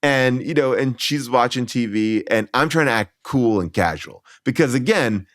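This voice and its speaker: A man's voice: medium pitch, animated, normal speed, fairly bright tone, dry recording, clean studio sound. A man in his forties, a podcast guest, telling a funny childhood story with lots of fillers and restarts, acting out his own lines. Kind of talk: comic storytelling.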